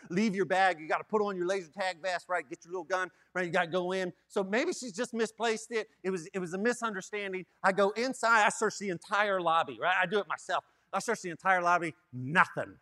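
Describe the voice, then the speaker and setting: A young man, a student ministry director, telling a funny story in a sermon, animated and self-mocking, often tagging his lines with "right?". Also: high voice.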